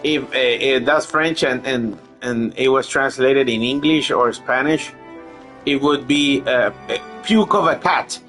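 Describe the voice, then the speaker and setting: Man, casual gameplay commentary, slow, halting and rambling, many restarts, faint game music. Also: medium pitch, a bit bright. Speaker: gaming channel host.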